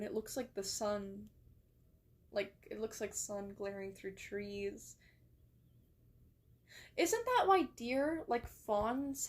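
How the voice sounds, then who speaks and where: Chatty young woman streaming, higher voice. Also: a little mellow. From England. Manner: chatty, rambling, swears and laughs easily. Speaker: streamer reading chat. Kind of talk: casual live-stream chat.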